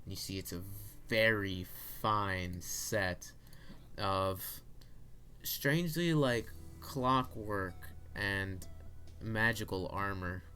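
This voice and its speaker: A man's voice: on the low side, expressive, slow, bright, forceful tone, soft background music. A young man narrating as game master of a tabletop game, loose and full of fillers.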